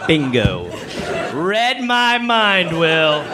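A man co-hosting a live comedy podcast, riffing with drawn-out jokes. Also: on the high side, sing-song. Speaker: co-host. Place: live stage before an audience. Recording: live show, loud crowd and noise.

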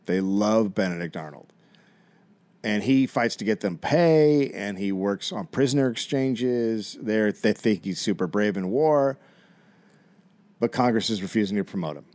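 A man's voice: medium pitch, lively intonation, measured pace, darkish tone, no echo. A middle-aged man co-hosting a comedy podcast, retelling history in a casual, profane, wry way. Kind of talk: casual storytelling.

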